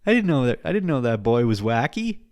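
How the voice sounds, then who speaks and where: A young man talks loosely into his podcast mic, full of swearing and asides. He rambles from one thought to the next and keeps breaking into laughter. His voice sits at an ordinary male pitch. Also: very animated, fairly quick, darkish tone. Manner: profane, rambling, laughs a lot. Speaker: podcast host. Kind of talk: casual podcast chat.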